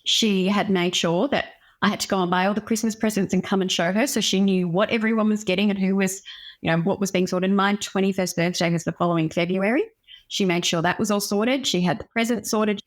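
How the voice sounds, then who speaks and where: A woman's voice: medium pitch, fairly even intonation, brisk. A woman doctor, a podcast guest, telling a personal story in an earnest, reflective way.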